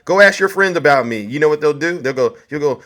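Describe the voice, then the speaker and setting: A man hosting a political livestream, loudly taunting and mocking his viewers. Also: a little high, lively intonation, fast. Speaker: livestream host.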